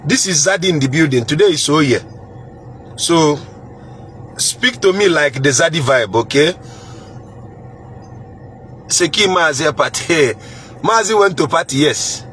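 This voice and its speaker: A man's voice: on the high side, animated, measured pace, long pauses, fairly bright tone, a little hiss or hum. A man with a Nigerian accent hosting a casual live chat, reading viewer comments in a playful way, chuckling and repeating phrases.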